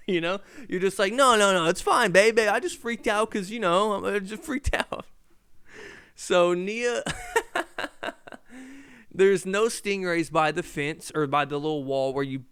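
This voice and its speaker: A man hosting a casual solo podcast, telling a story in an animated, profane way. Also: high voice, clear, resonant tone, no echo, clean studio sound. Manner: animated, profane, shouts in reenactments. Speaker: podcast host. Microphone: podcast mic.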